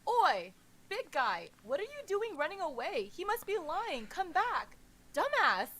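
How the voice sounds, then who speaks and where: A woman doing a brash yelling blade demon man. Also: very high voice, big pitch swings, measured pace, voice pushed up, exaggerated voice. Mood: taunting, yelling. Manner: yelling insults. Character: brash male blade demon, rude and shouting. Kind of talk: podcast retelling with acted quotes.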